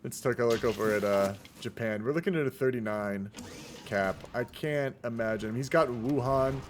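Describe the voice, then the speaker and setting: A man's voice: mid-range voice, normal speed, slight background noise. A young man giving casual, rambling commentary on a multiplayer strategy game, often saying "y'all". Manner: chatty, rambling, says "y'all". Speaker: game caster.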